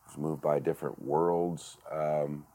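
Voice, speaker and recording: A middle-aged man, a director and actor, telling a reflective story as an interview guest, halting with many fillers and restarts. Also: very deep voice, level tone, mellow.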